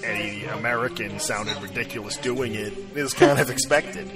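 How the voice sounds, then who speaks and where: A man co-hosting a casual podcast, chiming in with easygoing, agreeable remarks and thinking out loud. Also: lowish voice, steady tone, normal speed, over music. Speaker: podcast co-host.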